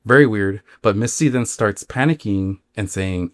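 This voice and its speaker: Low-voiced man casually retelling a spooky tale. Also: normal speed, dry recording. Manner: rambling, filler-heavy retelling. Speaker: podcast host.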